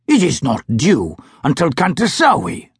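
A grave, deliberate plainsman who weighs each word, slow and measured, as a man narrating an audiobook puts him on. The voice is husky and dry, with wide pitch swings. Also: wildly swooping pitch, no room sound, full character voice. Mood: solemn. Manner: slow, measured, solemn speech. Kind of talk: audiobook character voice.

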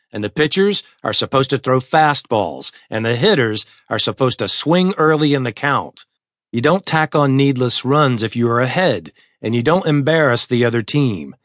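A man reading a first-person audiobook in a measured, deliberate voice at a middle pitch. The studio sound is dry and close, with no room echo. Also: a bit bright. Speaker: audiobook narrator.

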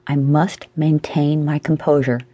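Woman doing a gruff, vain balding boss. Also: low-pitched, little pitch movement, unhurried, dark tone, no echo, pitched below the performer's own voice. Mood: brooding. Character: vain balding male office boss, fearful of dark.

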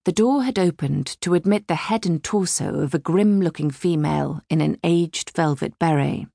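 Husky woman narrating an audiobook. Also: deep voice, normal speed, warm tone, no echo, studio quality. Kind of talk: scripted narration.

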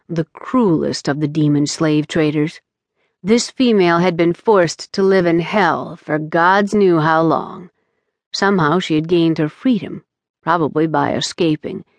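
Brief: woman audiobook narrator, measured delivery, slightly low register, dry close-miked studio. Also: dry recording. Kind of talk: scripted narration. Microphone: close studio mic.

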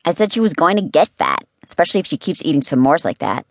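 A woman reading an audiobook, voicing a young boy who begs and wheedles in a high voice. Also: very animated, fast, no echo, studio quality. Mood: whiny pleading. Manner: wheedling and begging. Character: pleading, whiny young boy.

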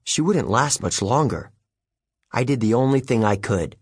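A male audiobook narrator telling a first-person adventure with a wry, youthful edge. His pitch moves a lot, his voice is slightly husky, and the dry, close recording has no room sound around it. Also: normal speed, dry recording. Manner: lively, wry storytelling with youthful character voices.

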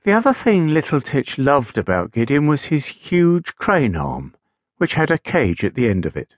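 A man narrating a children's story with gentle, expressive storytelling. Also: medium pitch, dry recording, studio quality. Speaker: audiobook narrator. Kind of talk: scripted narration for young children.

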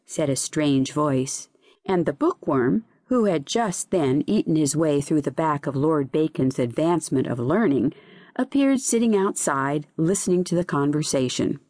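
A woman reads a nature fable aloud in a measured, expressive storytelling voice. Her pitch sits somewhat low but moves a lot, and the recording is dry and close. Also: no echo. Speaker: audiobook narrator.

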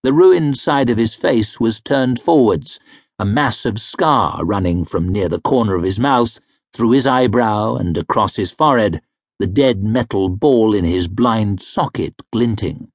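Unhurried, husky male fantasy narrator. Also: lowish voice, animated, dry recording. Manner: measured, wry storytelling. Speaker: audiobook narrator. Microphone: close studio mic.

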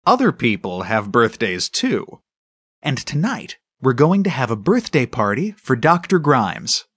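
A man voicing a firm but gentle mother in an audiobook, speaking in a dryly teasing way. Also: mid-range voice, sing-song, unhurried, husky, no room sound, heavily acted.

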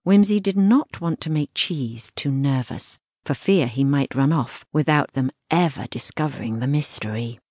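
A woman narrating a children's audiobook in a measured storytelling manner. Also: rumbling low, expressive, darkish tone, breathy edge, dry recording, studio quality.

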